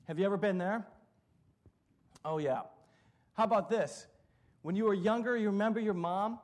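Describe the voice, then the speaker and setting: A man's voice: sits high, moderate pace. A middle-aged man preaching a sermon, telling funny stories and acting out what people said. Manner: storytelling, humorous, acts out quotes. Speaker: pastor.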